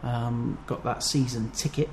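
A man co-hosting a podcast in casual, rambling chat, self-deprecating and quick to laugh. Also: mid-range voice, fairly even intonation, creaky, a little mellow, a little hiss or hum. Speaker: podcast co-host.

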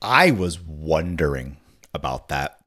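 A man's voice: extremely low pitch, sing-song, slow pace, pushed and bright. A man co-hosting a casual talk show, reacting with short agreements. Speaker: podcast co-host. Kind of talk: casual chat, listening and reacting.

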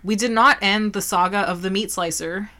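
A woman's voice: medium pitch, normal speed, pushed and bright. A woman co-hosting a casual podcast who laughs often and shrieks when she acts out other people. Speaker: podcast co-host. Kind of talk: casual chat.

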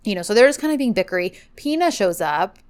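A woman's voice: medium pitch, very animated, fast, a little mellow, smooth. Chatty woman recapping a show. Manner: chatty, filler-heavy recapping with acted-out quotes. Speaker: podcast co-host recapping a TV drama. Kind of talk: casual chat.

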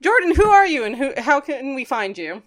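A woman's voice: high-pitched, sing-song, a little fast. A woman co-hosting a podcast, telling candid anecdotes casually and giggling often. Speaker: podcast co-host.

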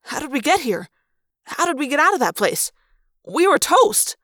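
A woman doing an excited teenage boy. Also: high-pitched, normal speed, dry recording, studio quality, pitched above the performer's own voice. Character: teenage boy, wisecracking, shaken after danger.

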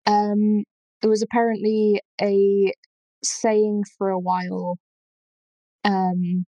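A woman's voice: mid-range voice, flat delivery, slow pace, dark tone, dry recording, muffled recording. A woman with a Lancashire accent explaining food history in a casual chat, thoughtful and full of ums. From Lancashire, England.

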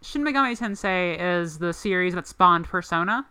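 Woman, podcast co-host, casual rambling chat, bright tone, dry close sound. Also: on the low side, expressive, normal speed, smooth, no room sound. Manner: rambling, heavy on "like" fillers.

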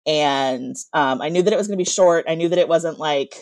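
Lisping woman with a low voice. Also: no room sound. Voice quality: slight lisp on z sounds. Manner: animated storyteller, quick asides. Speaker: author. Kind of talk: casual podcast chat.

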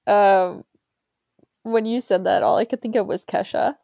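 A young adult woman co-hosting a podcast, reacting with excited, animated comments in casual chat. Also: mid-range voice, a little slow, vocal fry, dry recording, studio quality. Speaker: podcast co-host.

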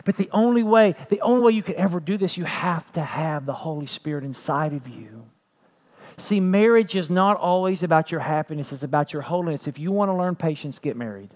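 A man's voice: fairly high pitch, expressive, fairly quick, a little mellow. A man preaching a sermon as pastor, earnest, repeating phrases and building to emphatic peaks.

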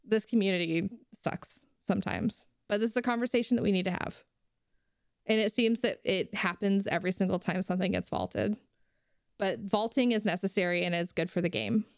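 A woman's voice: mid-range voice, brisk, clear, resonant tone, no room sound, studio quality. A young woman co-hosting a casual podcast, ranting heatedly and swearing freely. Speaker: podcast co-host.

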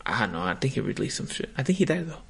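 Man, gravelly voice, rambling profane storyteller in casual chat. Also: medium pitch, big pitch swings, racing.

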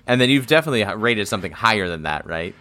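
Teasing guy cohosting, lowish voice that jumps around a lot. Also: expressive, rapid-fire, sharp tone. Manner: dry, teasing, laughs often. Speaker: podcast co-host. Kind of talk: casual chat.

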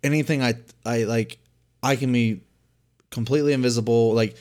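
A man's voice: medium pitch, fairly even intonation, moderate pace, a little mellow. A young man co-hosting a podcast in casual chat, rambling with lots of filler words and swearing. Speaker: podcast co-host.

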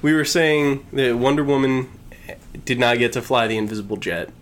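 A man hosting a movie podcast with dry, deadpan wit. He speaks in a measured way at a middling pitch. Faint background noise sits under his voice. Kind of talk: casual chat, movie review podcast.

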